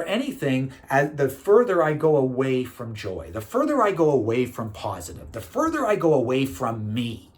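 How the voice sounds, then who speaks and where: A man's voice: medium pitch, wildly swooping pitch, moderate pace, few pauses. Middle-aged guy from canada rambling through a story to camera, lots of uhs and restarts, mid-range voice. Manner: chatty, storytelling, many fillers and restarts. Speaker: speaker and consultant. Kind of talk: casual talk to camera.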